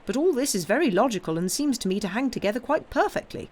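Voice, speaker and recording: A woman's voice: a little high, very animated, quick pace, darkish tone, pitched above the performer's own voice. A woman reading aloud and voicing a formal male notary who asks questions in disbelief. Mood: incredulous. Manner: questioning, incredulous.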